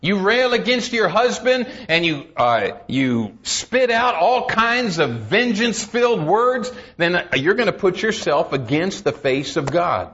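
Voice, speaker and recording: A man preaching a sermon, emphatic and urging, reading scripture slowly and solemnly and dropping to low, intense tones. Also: big pitch swings, fairly bright tone, highs cut off. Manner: reads scripture in slow, solemn cadence.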